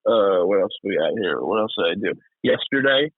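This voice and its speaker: A man co-hosting a podcast in casual chat, excitable, swearing and laughing often. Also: lowish voice, brisk, no room sound. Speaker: podcast co-host. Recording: tinny phone-like sound.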